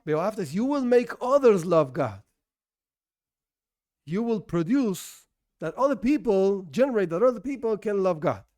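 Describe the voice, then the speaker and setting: A rabbi teaching an informal religious class, talking conversationally with rhetorical questions and frequent restarts, as a non-native English speaker. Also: male voice, high voice, very animated, normal speed, a little mellow. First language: not English.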